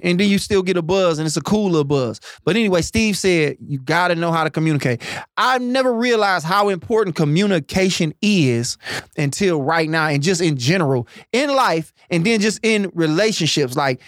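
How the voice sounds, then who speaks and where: A man with talks in a loose, profane, joking way, spinning stories in casual chat. His voice sits a bit high for a man, and it sounds dry and close with no room behind it. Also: fairly quick, no room sound.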